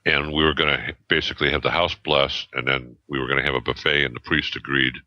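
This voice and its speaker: A man in his seventies, a podcast guest, telling a story in a rambling, halting way with many restarts and fillers, on a dull lo-fi recording. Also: very deep voice, fairly even intonation, sharp tone, no room sound. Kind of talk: casual storytelling. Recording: dull lo-fi sound.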